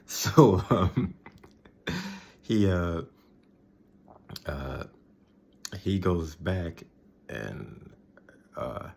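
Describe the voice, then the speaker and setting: A man's voice: deep voice, measured pace, gravelly, long pauses, a little mellow, breathy edge. A man casually recapping a TV episode, rambling, laughing often and mimicking the characters. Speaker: video host recapping a TV episode.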